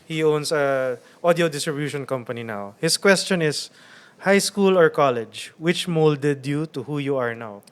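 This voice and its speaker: Relaxed Filipino man hosting a podcast. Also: on the high side, moderate pace, smooth. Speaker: podcast host. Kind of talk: casual podcast interview.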